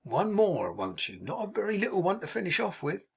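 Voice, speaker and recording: A man's voice: high voice, huge pitch swings, a little fast, gravelly, husky, voice pushed up, heavily acted. A man doing a hearty, jolly young servant. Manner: warm, jolly, broad country speech. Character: cheerful, hearty young manservant back from abroad.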